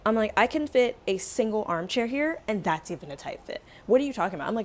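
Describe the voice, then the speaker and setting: A young woman vlogger chatting casually as she tells a story, acting out quotes with lively, dramatic flair. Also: mid-range voice, quick pace, a little hiss or hum. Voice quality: animated, dramatic retelling with acted-out quotes.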